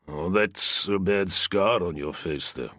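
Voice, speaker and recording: A man's voice: sits low, slow pace, sharp tone, no room sound, clean studio sound, heavily acted. A man voicing a calculating Roman praetorian soldier who asks probing questions.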